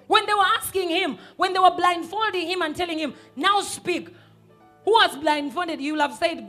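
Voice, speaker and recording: High bright-voiced woman preaching. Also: normal speed, soft background music. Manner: emphatic, rises to shouts and acts out quoted voices. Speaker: pastor. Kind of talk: sermon.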